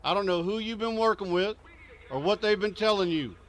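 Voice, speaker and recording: A man playing a stern, by-the-book state trooper who gives orders in a gruff, clipped way in a game role-play. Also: high voice, fairly quick, fairly bright tone. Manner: gruff, clipped, folksy authority.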